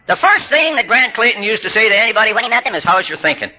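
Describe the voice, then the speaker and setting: A man's voice: high-pitched, expressive, racing, pushed and bright. An older man speaking at a recovery workshop, telling humorous stories that build to punchlines, with blunt, salty language. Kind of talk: storytelling talk at a recovery workshop.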